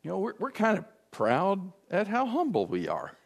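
A lively male preacher delivers a sermon, his pitch leaping high and low as he plays out the people he quotes. His voice sits a little high for a man. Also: moderate pace, gravelly, breathy edge. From United States. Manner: animated, acts out quoted voices. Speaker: pastor.

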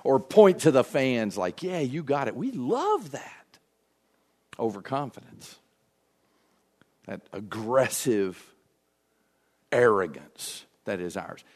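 A man's voice: mid-range voice, slow pace, long pauses. A man preaching a sermon, acting out the voices of the people he quotes. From United States. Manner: animated, acts out quoted voices. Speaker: pastor.

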